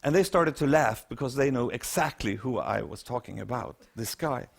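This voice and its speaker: A man's voice: mid-range voice, moderate pace, gravelly. Swedish man telling a story on stage. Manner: lively anecdotal storytelling with acted quotes. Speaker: keynote speaker. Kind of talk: storytelling talk to an audience.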